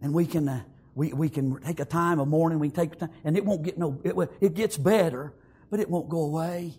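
A man preaching an emotional funeral sermon in a church, repeating himself and halting, then swelling into tearful, emphatic exclamations. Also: on the high side, darkish tone, husky. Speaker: pastor at a memorial service. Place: church sanctuary.

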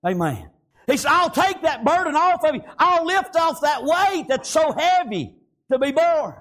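A man preaching a fervent sermon, constantly breaking in with "amen" and "praise God" and rising into shouts. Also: extremely high pitch, big pitch swings, a little slow.

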